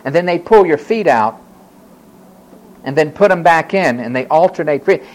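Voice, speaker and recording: A man's voice: a little high, lively intonation, normal speed, darkish tone, rough recording. A man preaching a sermon, who acts out the voices of the people he quotes.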